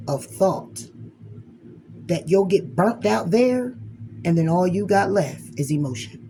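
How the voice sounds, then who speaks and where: Gravelly-voiced blunt motivational speaker. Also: mid-range voice, slow pace, pauses often, noisy background. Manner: emphatic, blunt, swears, acts out inner arguments in quoted voices. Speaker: spiritual reader giving a message. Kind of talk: motivational monologue.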